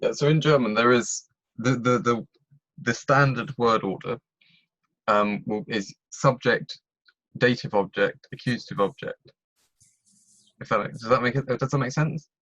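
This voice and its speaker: A man's voice: mid-range voice, unhurried, long pauses, fairly bright tone, no echo, lo-fi sound. A man tutoring German on a video call, explaining step by step and checking that his students follow. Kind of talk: online tutoring lesson.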